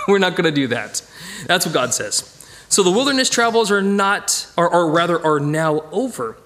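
A man teaching a casual Bible study, animated and digressive, chuckling as he goes. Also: a little high, a little hiss or hum.

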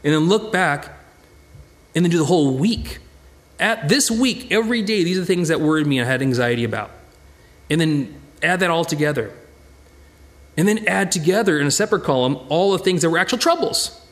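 A man with a fairly high pitch speaks a little fast while preaching a conversational sermon. As pastor, he's chatty and animated, and he regularly restarts and repeats words.

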